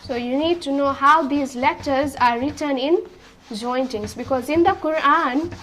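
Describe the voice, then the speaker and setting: A woman with a high voice gives a beginner's language lesson. She talks slowly and patiently, repeating each point and often checking with "okay?". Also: a bit bright. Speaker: Arabic teacher. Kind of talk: slow classroom explanation.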